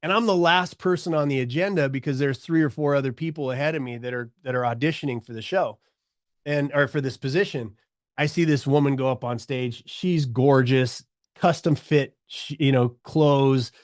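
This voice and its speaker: A middle-aged man telling his story as a podcast guest, animated, acting out the voices of people he quotes. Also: mid-range voice, normal speed, dry recording, clean studio sound.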